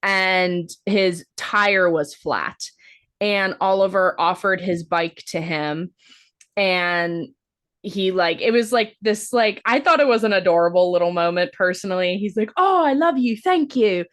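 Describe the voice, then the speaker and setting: A woman's voice: lowish voice, unhurried, fairly bright tone. A woman co-hosting a podcast, recapping a film in a casual, rambling way, full of "like" fillers and the odd swear word. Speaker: podcast co-host. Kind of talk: casual movie-review chat.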